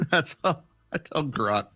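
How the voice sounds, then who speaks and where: A man's voice: mid-range voice, expressive, slow, bright, forceful tone, soft background music. A man co-hosting a casual talk show, laid-back and folksy, chuckling between remarks. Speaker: co-host. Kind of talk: casual chat.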